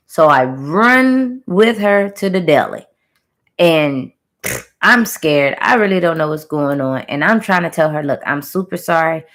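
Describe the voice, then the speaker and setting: A woman's voice: low voice, expressive, unhurried, a bit bright. A young adult woman casually retelling a dream to her viewers in an emphatic, slangy way, speaking straight to the camera. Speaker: spiritual reader sharing a channeled message.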